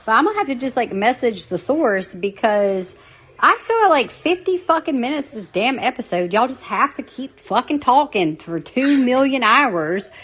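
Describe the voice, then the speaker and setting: A woman's voice: fairly high pitch, sing-song, normal speed, a bit bright, breathy edge. Blunt, swearing Southern US woman. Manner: blunt, profane, joking. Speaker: listener leaving voicemails. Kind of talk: casual voicemail rant.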